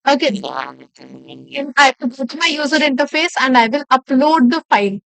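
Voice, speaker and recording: A woman with a high voice teaches a live online class, walking through each point step by step. She repeats key phrases and keeps checking in with "okay". The sound is close and dry, with no room around it. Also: very animated, moderate pace, gravelly, fairly bright tone, no echo. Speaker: instructor.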